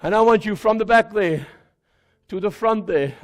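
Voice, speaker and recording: A South African pastor preaching an impassioned sermon to his congregation in church, repeating words and swinging from quiet to shouting. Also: sits high, normal speed.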